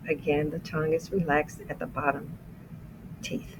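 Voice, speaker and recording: A man teaching the letters of the alphabet as an English lesson, saying each letter slowly and explaining how the mouth shapes it. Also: on the high side, background noise. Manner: careful, deliberate letter-by-letter demonstration. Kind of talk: slow pronunciation lesson.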